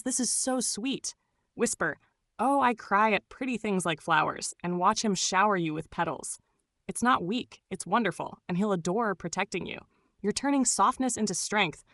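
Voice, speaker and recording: A woman's voice: medium pitch, fairly bright tone, no room sound, studio quality. A woman reading scripted narration in a gushing, doting way, full of pet names.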